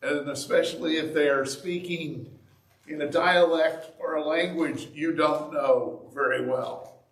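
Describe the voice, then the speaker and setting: Southern indiana preacher guy, kinda high voice, folksy jokey sermon, echoey and far off from the mic. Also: steady tone, a little slow, a bit bright. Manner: folksy, joking storyteller. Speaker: pastor. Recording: roomy sound from a distance.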